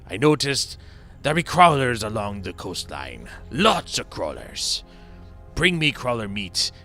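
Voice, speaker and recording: A man's voice: fairly low pitch, sharp tone, exaggerated voice. A man doing a hearty old pirate cook. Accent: put-on pirate talk. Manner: hearty, drawn-out pirate delivery. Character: gruff old male pirate ship's cook. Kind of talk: reading game dialogue aloud in character.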